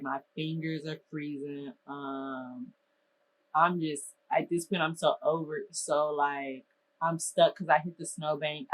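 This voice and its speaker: Young woman from minnesota doing a storytime vlog, super animated, exasperated, lots of slang. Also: deep voice, breathy edge, low-quality recording. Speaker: vlogger telling a story.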